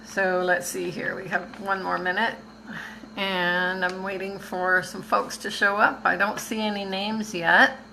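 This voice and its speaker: A woman's voice: mid-range voice, flat delivery, a little slow, creaky, sharp tone, slight background noise, poor audio. An older woman from Canada, a visual artist chatting casually and rambling on a live stream, laughing easily.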